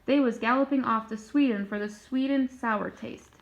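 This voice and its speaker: A woman voicing a big, friendly old male giant who talks slowly with mangled grammar, reading a children's storybook aloud. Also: a little high, lightly acted. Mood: folksy. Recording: dull lo-fi recording.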